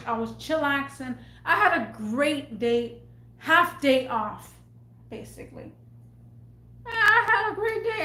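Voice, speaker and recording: A woman's voice: a little high, pushed and bright. A young woman vlogger telling a rambling, exasperated story at home in a casual rant. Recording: echoey room.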